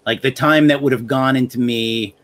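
A man's voice: medium pitch, steady tone, normal speed. A middle-aged man hosting a podcast, telling wry stories in casual chat and acting out the lines of people he quotes. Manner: wry storyteller who acts out quoted lines. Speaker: podcast host.

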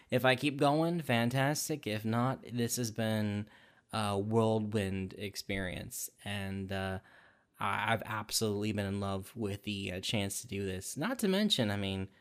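A man's voice: fairly low pitch, smooth. A man who voices a role in an audio drama, giving a casual recorded testimonial. He talks with enthusiasm, rambling with many fillers.

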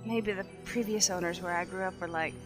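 A woman's voice: lowish voice, fairly even intonation, a little fast, music in the background, lightly acted. A young woman playing a polite door-to-door church missionary in an audio drama. She speaks with courtesy and says ma'am often.

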